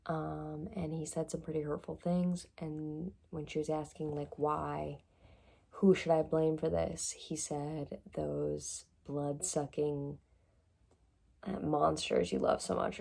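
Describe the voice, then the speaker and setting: A woman with a low, gravelly voice chats excitedly through a casual reading vlog. Her tone is mellow and dark, and she fills her speech with "like" and "literally" as she recaps the story. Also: measured pace. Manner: chatty and excitable, lots of "like" and "literally". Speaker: book vlogger.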